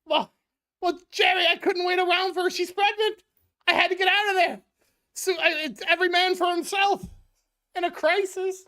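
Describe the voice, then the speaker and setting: A woman's voice: very high voice, moderate pace, a bit bright, pitched above the performer's own voice. A woman voicing a panicky, selfish man from a sitcom who whines defensively and gets exasperated. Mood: panicky whining.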